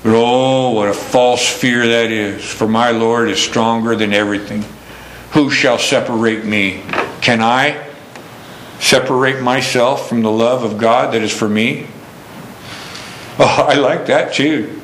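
A man's voice: medium pitch, steady tone, a little slow, fairly bright tone. A man preaching a fervent sermon, often calling out to his listeners as folks and reading scripture. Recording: echoey room.

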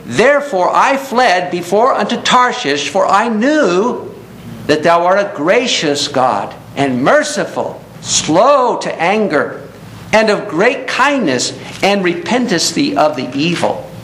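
A man's voice: very animated, unhurried, hardly any pauses, fairly bright tone. A man preaching a sermon in earnest tones, reading scripture aloud and explaining it to a congregation. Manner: earnest, reads scripture aloud in King James wording. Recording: echoey room with faint rumble.

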